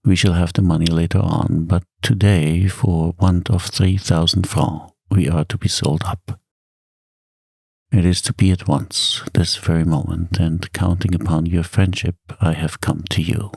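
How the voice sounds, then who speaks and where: In a low, slow, husky murmur, a man reads as a lovelorn young wife who coaxes and pleads in a hushed storybook voice. The sound is dry and close, with a gravelly edge to every word. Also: level tone, no room sound, full character voice. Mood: urgent. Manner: soft-spoken, coaxing.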